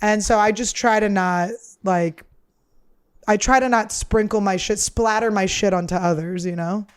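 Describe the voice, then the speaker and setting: A woman's voice: medium pitch, fairly even intonation, moderate pace, clean tone. A woman comedian hosting her podcast, telling candid, profane stories in a rambling, casual chat. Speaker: podcast host and stand-up comedian.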